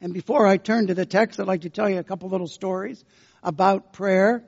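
A man preaching a sermon as pastor, telling folksy, unhurried stories. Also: high voice, fairly even intonation, gravelly, a little mellow, husky. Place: church sanctuary. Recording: dull lo-fi sound with long church reverb.

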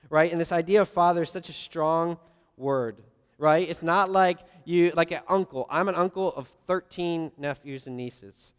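A man preaching a sermon, earnest, swinging between loud emphasis and soft, quiet lines. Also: fairly high pitch, clean tone. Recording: long reverb of a large hall.

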